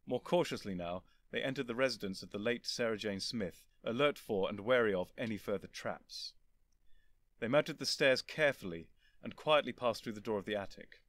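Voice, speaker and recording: A man reading a story aloud as narrator, in a lively, expressive storytelling manner. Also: on the low side, moderate pace, no room sound, studio quality. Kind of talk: scripted audiobook narration.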